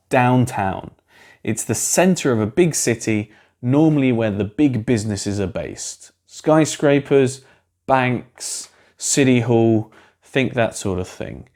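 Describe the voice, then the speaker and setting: A man's voice: mid-range voice, animated, takes it slowly, a little mellow. A man giving a recorded English lesson to a class, explaining vocabulary in a chatty way with asides and questions to his students. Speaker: English teacher. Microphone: solo recording for a class video.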